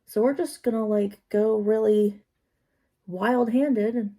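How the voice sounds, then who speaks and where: A woman's voice: fairly high pitch, fairly even intonation, slow pace, mellow. A woman vlogging as she does her makeup, chatty and talking to herself with self-deprecating asides. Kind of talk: casual talk while doing makeup.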